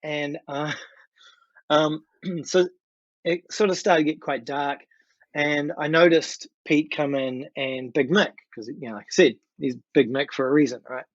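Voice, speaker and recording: A man in his fifties with a New Zealand accent, telling a story as a podcast guest in an animated way and acting out what people said. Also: on the high side, a little slow, no echo, dull audio. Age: 50s. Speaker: guest musician. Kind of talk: casual storytelling.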